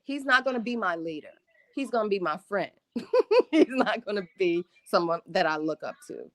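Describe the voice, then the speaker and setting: A woman's voice: mid-range voice, very animated, normal speed, a bit bright, dry recording. A woman calling in to a show, telling a story emphatically and emotionally, often laughing. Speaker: caller. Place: Harlem.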